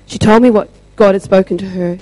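A woman shares a testimony in a mellow, warm voice. She paces it slowly and leans on pauses for emphasis. The sound is dry and close. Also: mid-range voice, fairly even intonation, dry recording, rough recording. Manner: slow, deliberate storytelling with emphatic pauses. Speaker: church member sharing testimony. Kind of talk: testimony sharing.

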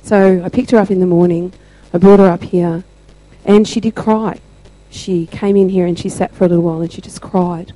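Warm New woman giving a testimony. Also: fairly low pitch, fairly even intonation, no room sound, low-quality recording. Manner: slow, deliberate storytelling with emphatic pauses. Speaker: church member sharing testimony. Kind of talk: testimony sharing.

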